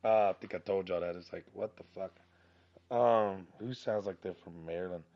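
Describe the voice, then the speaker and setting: Low raspy man ranting into a phone. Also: normal speed, dull audio. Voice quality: raspy with a slight twang. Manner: rambling, profane, self-mocking. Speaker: podcast host. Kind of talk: casual solo rant.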